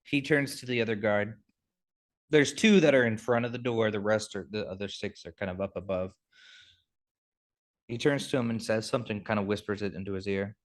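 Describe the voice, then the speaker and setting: A young man narrating as game master of a tabletop game, explaining in a halting way with many fillers. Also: on the low side.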